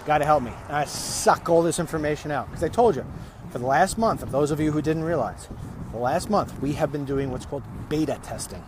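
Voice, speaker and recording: A man's voice: fairly high pitch, lively intonation, a little fast, noisy background. A man hosting a casual walk-and-talk vlog, rambling, often restarting and repeating his words as he goes. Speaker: vlog host. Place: walking outdoors.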